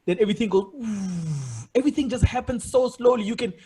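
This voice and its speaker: A man with a fairly high, husky voice hosts a podcast in casual conversation. He tells his stories in an animated way and laughs often. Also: rapid-fire. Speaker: podcast host.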